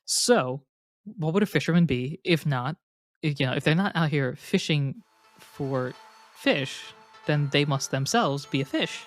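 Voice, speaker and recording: Male game master, halting, rambling narration, faint music behind. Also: fairly high pitch, animated. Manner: rambling, hesitant, many fillers.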